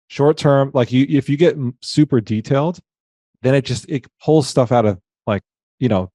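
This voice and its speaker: Mellow-voiced relaxed man. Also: medium pitch, normal speed, no echo, studio quality. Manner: relaxed, thinks aloud with many "right?" tags. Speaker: guest. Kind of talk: casual business chat.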